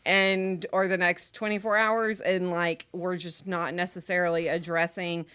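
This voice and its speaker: A woman's voice: fairly low pitch, little pitch movement, a little slow, fairly bright tone, smooth, dry recording. A woman co-hosting a therapy podcast in a casual way, full of "like" and restarts.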